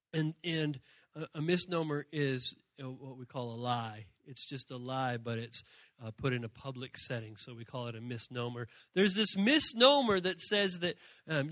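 A man giving an animated youth sermon, telling stories and acting out voices from shrieks to soft murmurs. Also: on the high side, no room sound. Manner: animated storytelling, acts out characters in shrieks and murmurs. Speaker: youth speaker.

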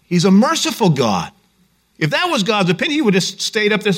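A man's voice: sits high, wildly swooping pitch, fairly quick, fairly bright tone. A man preaching a sermon in a conversational, joking storytelling way. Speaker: pastor.

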